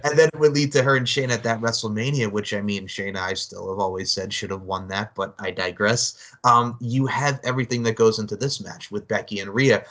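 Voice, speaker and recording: Casting: male guest, slightly low voice, loose and rambling. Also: fairly even intonation, brisk, few pauses, a bit bright. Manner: rambling, many "I mean" fillers. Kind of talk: casual wrestling chat.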